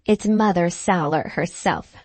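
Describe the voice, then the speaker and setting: A woman doing a brisk police sergeant. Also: on the low side, a little mellow, no echo. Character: gruff male police sergeant giving orders.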